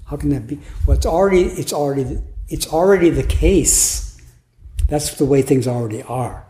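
A man's voice: fairly high pitch, moderate pace, warm tone. A man giving a Zen dharma talk at a retreat, musing aloud in a playful way and laughing now and then. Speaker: Zen teacher. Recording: echoey room, faint noise.

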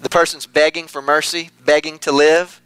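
A man's voice: fairly high pitch, flat delivery, moderate pace, fairly bright tone, clear, resonant tone, no room sound, rough recording. A man preaching an earnest sermon, repeating phrases for emphasis.

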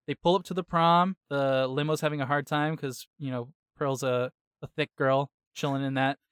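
Smooth-voiced man recapping casually. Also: mid-range voice, no echo, studio quality. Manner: lively retelling, slangy, with quick asides. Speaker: podcast host. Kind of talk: casual chat, episode recap.

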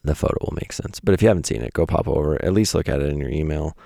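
A man's voice: very fast, dark tone, no echo, studio quality. A man in his thirties reading his own essay to listeners in a casual, wry, self-deprecating way, with blunt asides. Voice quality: very deep gravelly voice. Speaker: podcast host reading his weekly writing.

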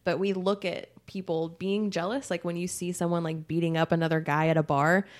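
A woman co-hosting a casual podcast chat, chatty and animated, swearing casually as she talks. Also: lowish voice, fairly quick. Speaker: co-host.

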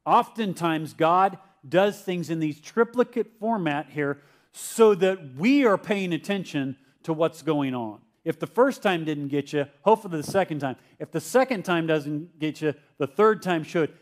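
A male pastor preaches with a high-pitched voice in a relaxed, conversational way. He keeps turning to the congregation with questions. He sometimes slips into acting out the confused voice of a biblical figure. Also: a little slow. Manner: acts out Peter's confused voice. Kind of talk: sermon.

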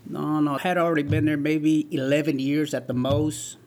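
Gravelly man in his forties telling his story. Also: fairly high pitch, flat delivery, moderate pace, darkish tone. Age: 40s. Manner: earnest, storytelling with filler "man" and "right". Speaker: interview guest.

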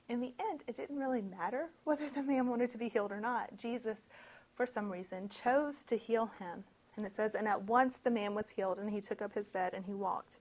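Her voice fairly high and her delivery brisk, a woman preaches a sermon, reading scripture and explaining it conversationally and expressively, with lively asides.

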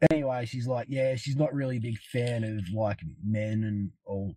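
A man's voice: mid-range voice, flat delivery, moderate pace, dark tone, no room sound. An Australian man telling a rambling, profane story to a podcast in a laid-back, casual way. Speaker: podcast guest.

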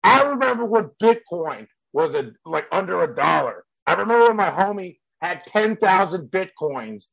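A man's voice: sits high, sing-song, moderate pace, vocal fry, hardly any pauses, a bit bright, no room sound, rough recording. A male comedian telling a story in casual chat, rambling and profane with many fillers.

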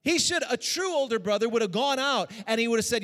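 A man preaching a sermon as pastor, moving between hushed personal tones and raised, urgent exhortation. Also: very high-pitched, animated, fast, few pauses, in a large hall.

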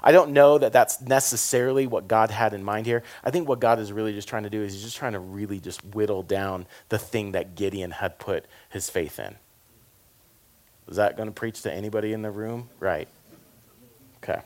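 A man from the South, preaching a sermon in a conversational, jokey way, dropping to quiet asides and rising to loud emphasis. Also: lowish voice, normal speed. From American South. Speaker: pastor.

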